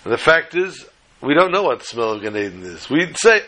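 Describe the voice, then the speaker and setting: A man's voice: medium pitch, very animated, fast talker, pushed and bright. A man giving a storytelling talk to a small gathering, folksy and fond of joking asides.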